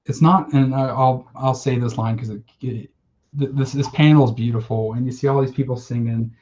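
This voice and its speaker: A man on a casual podcast recounts a story with heartfelt enthusiasm, swearing now and then. His voice sits at an ordinary pitch. The recording sounds slightly dull and lo-fi. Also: dark tone. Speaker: podcast co-host. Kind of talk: casual chat.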